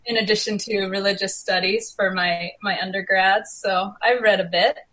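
A woman from Massachusetts, a guest on a casual podcast, chatting in a relaxed, friendly way. Her voice is bright and crisp at a medium pitch. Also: moderate pace, rough recording. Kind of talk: casual chat.

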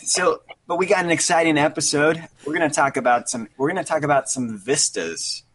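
A man in his thirties hosting a relaxed podcast conversation. He talks in an easygoing, chatty way, often stumbling and restarting mid-sentence, at a medium pitch. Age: 30s. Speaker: podcast host. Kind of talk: casual chat.

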